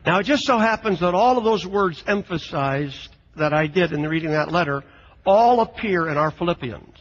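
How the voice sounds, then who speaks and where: A man gives an off-the-cuff classroom lecture on the Bible, his voice sitting high for a man. He stumbles and repeats words while gathering his thoughts. The sound is muffled and carries a long hall echo. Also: lively intonation. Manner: halting, repeats words, reads quotes with emphasis. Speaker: lecturer on the New Testament.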